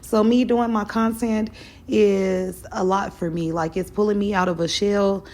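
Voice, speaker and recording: A woman, chatting casually in a cooking vlog, her voice hoarse from being sick, rambling and addressing viewers often. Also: medium pitch, steady tone, unhurried, darkish tone. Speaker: vlogger.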